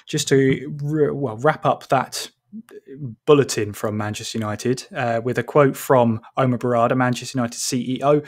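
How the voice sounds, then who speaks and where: A man's voice: mid-range voice, fairly even intonation, normal speed. A man hosting a sports podcast in casual chat, steering the talk and posing questions, often restarting his phrases. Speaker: podcast host.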